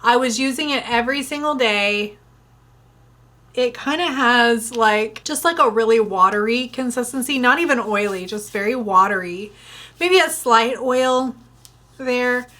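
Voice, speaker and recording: Bright, chatty woman beauty vlogger. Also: fairly high pitch, a little slow. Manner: chatty, animated, lots of fillers and retold quotes. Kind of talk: casual storytelling review.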